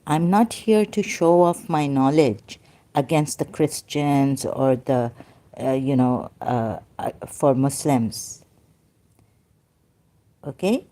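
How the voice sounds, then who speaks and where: A woman in an unscripted debate, talking hesitantly with many fillers and restarts, and admitting she gets hyper and struggles to keep her voice gentle. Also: extremely low pitch, slow. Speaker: debater in an online religious discussion.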